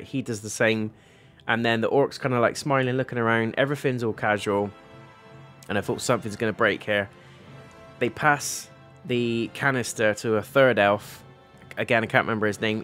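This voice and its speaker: A man's voice: mid-range voice, a bit bright. A man hosting a casual TV episode review, retelling the plot in a rambling way, with paraphrased quotes, fillers and some blunt swearing. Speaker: TV reviewer, channel host.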